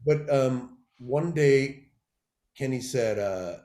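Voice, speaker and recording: A man guest on an interview show, telling an animated, swearing anecdote and acting out other people's lines. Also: medium pitch, moderate pace, echoey room. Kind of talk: animated storytelling.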